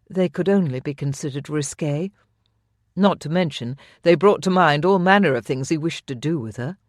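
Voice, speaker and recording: An audiobook narrator reading scripted romance narration in a measured, intimate manner into a close studio mic. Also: medium pitch, a little mellow, dry recording.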